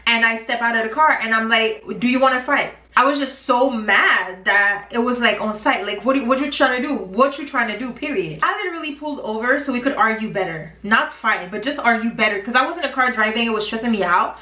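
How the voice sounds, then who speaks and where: A woman's voice: a little high, fairly quick, hardly any pauses, pushed and bright. A woman in her twenties telling a dramatic storytime in a chatty, slangy way while doing her makeup. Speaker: beauty vlogger. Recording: roomy, distant from mic.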